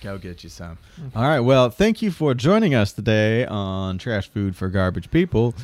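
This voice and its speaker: A man's voice: lowish voice, expressive, darkish tone, no echo. A man hosting a comedy podcast, chatting casually and eagerly chiming in with agreement. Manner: eager, chimes in with quick agreements. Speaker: podcast co-host.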